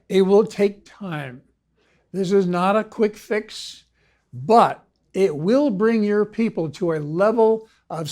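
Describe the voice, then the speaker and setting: A man, a ministry consultant, reading a scripted video lecture in a measured, formal way. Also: high voice, darkish tone. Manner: measured, formal read-aloud delivery. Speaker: ministry consultant and course instructor.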